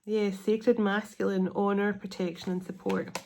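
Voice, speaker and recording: Woman doing a tarot reading, earnest and kinda teary, stretches out the big words, ordinary middle pitch. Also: little pitch movement, moderate pace, mellow, slight background noise. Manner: emotional, close to tears. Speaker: tarot reader. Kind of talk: spiritual tarot reading to camera.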